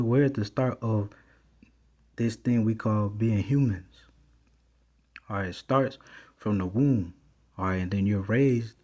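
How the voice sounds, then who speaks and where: A man preaches from scripture in a low, mellow, slightly husky voice. He reads verses aloud and breaks up his teaching with a steady "all right" between phrases.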